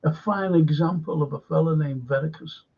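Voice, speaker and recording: A man in a rambling, opinionated monologue, halting and repeating words, with a sarcastic edge. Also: fairly high pitch, creaky, a little mellow, slightly rough, dull audio.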